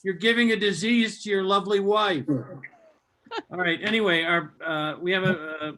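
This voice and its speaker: Casual male emcee, a bit high, joking and laughing, clear noise behind him. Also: normal speed. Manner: laughs often, loose and joking. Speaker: comedy show host.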